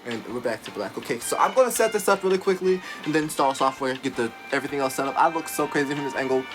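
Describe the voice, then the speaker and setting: Hyped guy unboxing tech at home on his phone, mid pitch, music going behind him. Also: fast, low-quality recording. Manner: excitable, gushing, chatty with exclamations. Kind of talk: casual unboxing chat. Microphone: phone camera. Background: background music.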